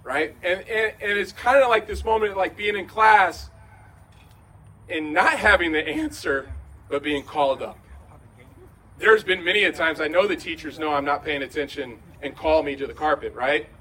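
A man preaching a conversational sermon in a large room, going from hushed to shouting. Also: a little high, normal speed, breathy edge, distant mic, poor audio. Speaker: pastor.

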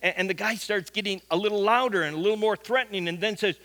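High, bright-voiced preacher telling a story. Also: male voice, fast talker. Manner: folksy anecdotal storyteller. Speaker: pastor. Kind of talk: sermon storytelling.

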